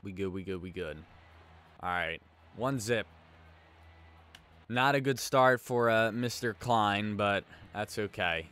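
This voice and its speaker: A man's voice: on the low side, takes it slowly, pauses often, a bit bright, clear, resonant tone. A young man hosting a gaming channel, chatting casually and reacting aloud to the game he plays, a bit drowsy from just waking up. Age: young adult. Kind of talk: casual gameplay commentary.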